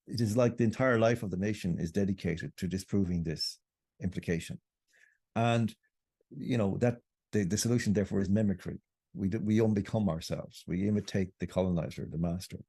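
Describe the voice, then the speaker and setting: A man's voice: deep voice, fairly quick, warm tone, slightly rough, no room sound, studio quality. An older Irish man, a writer talking as a podcast guest, arguing in an impassioned, emphatic way. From Ireland. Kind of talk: conversational podcast interview.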